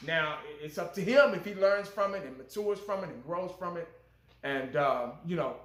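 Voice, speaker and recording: A high-pitched, bright-toned man hosts casual fan commentary. He talks bluntly and profanely, getting fired up. The sound carries an echoey room around him. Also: normal speed. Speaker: fan channel host.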